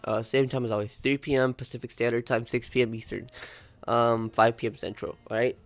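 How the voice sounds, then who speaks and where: A young man's gameplay commentary, stuffy from being sick, loose and chatty, breaking into loud cursing when a race goes wrong. Faint music plays underneath his voice. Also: medium pitch, fairly quick, dry recording. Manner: swearing, animated outbursts at the game. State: sick, congested. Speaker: gaming YouTuber. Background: faint background music.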